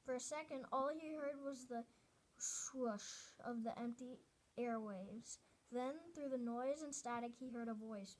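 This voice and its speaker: A woman's voice: a little high, unhurried. A woman reading a novel aloud in an earnest way, often restarting and correcting herself mid-sentence. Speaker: reader.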